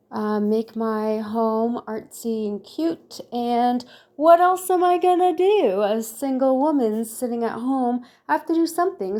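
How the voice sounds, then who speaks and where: A woman's voice: medium pitch, a little mellow. Chatty woman in her sixties. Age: 60s. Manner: chatty, rambling, effusive. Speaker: lifestyle vlogger. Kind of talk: casual storytelling to camera.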